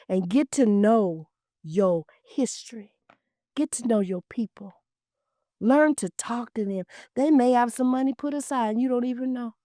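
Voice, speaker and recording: A woman hosting a talk show, telling heartfelt stories in an emphatic, preachy way with repeated phrases, dropping at times to hushed, near-whispered asides. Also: a little high, no room sound, studio quality. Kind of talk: heartfelt storytelling monologue.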